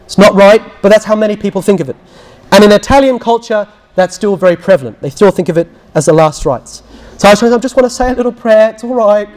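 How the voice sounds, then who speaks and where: Brief: priest, high voice, teaching talk, lively storyteller who acts out quotes. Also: male voice, fast. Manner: storytelling, acts out quotes, drops to a hushed voice when recounting prayers. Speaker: Catholic priest.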